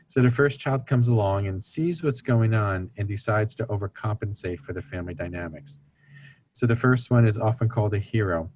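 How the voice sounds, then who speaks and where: A man's voice: lowish voice, moderate pace, a little mellow, slight background noise. A man speaking as an interview guest, explaining family dynamics in an earnest teaching tone and acting out the voices of people he quotes. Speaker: guest speaker on recovery ministry.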